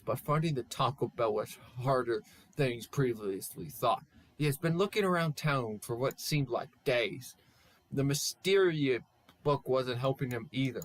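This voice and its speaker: A young man reading a silly fan story aloud, stumbling over words and stopping to poke fun at the text. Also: medium pitch. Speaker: channel host. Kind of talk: comedic fan-fiction reading.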